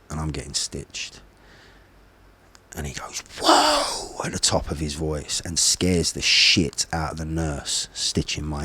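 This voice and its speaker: A man in his forties with a low, deep voice tells a story in a casual podcast chat. He is blunt and animated, swears freely, and sounds close and dry with no room sound. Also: no room sound. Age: 40s. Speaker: podcast guest, former bare-knuckle fighter.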